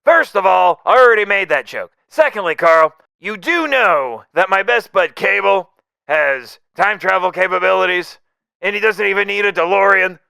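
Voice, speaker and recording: A man voicing a wisecracking, unhinged male mercenary in a fan audio drama, jokey and manic, swinging between whispers and shouts. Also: high voice, lively intonation, normal speed, creaky, clean tone, dry recording, studio quality, exaggerated voice. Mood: manic teasing.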